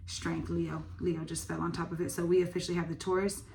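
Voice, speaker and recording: A woman's voice: lowish voice, little pitch movement, fairly quick, vocal fry, darkish tone, slight background noise. A woman giving a casual tarot reading, thinking aloud with lots of fillers and the odd swear word. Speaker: tarot reader.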